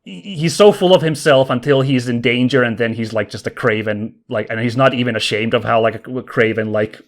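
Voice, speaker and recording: A man's voice: medium pitch, fairly quick. A man co-hosting a casual podcast, chatting enthusiastically and thinking aloud as he talks. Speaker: podcast co-host. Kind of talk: casual podcast chat about video games.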